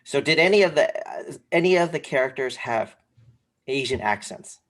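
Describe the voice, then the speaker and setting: A man co-hosting a casual podcast, talking in a rambling, animated way with lots of fillers. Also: mid-range voice, normal speed. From came to this country when young. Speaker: podcast co-host. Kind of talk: casual sneaker podcast chat.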